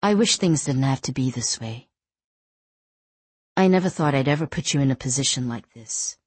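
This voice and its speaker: A woman reading an audiobook voices an anxious young bride-to-be, gentle and hesitant. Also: rumbling low, lively intonation, moderate pace, slightly rough, dry recording, exaggerated voice. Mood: worried.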